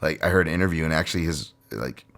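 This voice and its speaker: Low-pitched man, solo podcast host, rambling casual talk, swears a lot, lots of fillers. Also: quick pace, fairly bright tone. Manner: rambling and profane, with frequent fillers and laughs.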